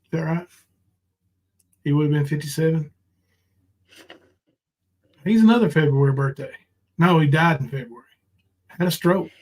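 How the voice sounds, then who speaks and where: A man's voice: a little high, moderate pace, long pauses, darkish tone. A man hosting a livestream, rambling casually and hesitating. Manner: rambling, hesitant, with many fillers.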